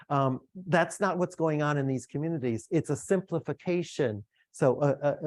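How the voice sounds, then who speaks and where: A middle-aged man lectures to a room in a relaxed, conversational way, throwing in asides to his listeners. His voice sits a little high for a man. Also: no room sound. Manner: conversational, chatty asides to the audience. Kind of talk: academic lecture.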